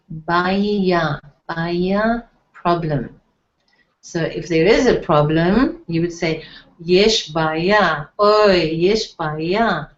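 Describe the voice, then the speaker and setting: A woman gives a language lesson at an unhurried pace, repeating each phrase slowly and carefully. Her voice sits a little low. The recording is dull and lo-fi, with a roomy echo around her. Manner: slow, careful repetition of phrases. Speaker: Hebrew teacher. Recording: echoey, dull lo-fi room sound.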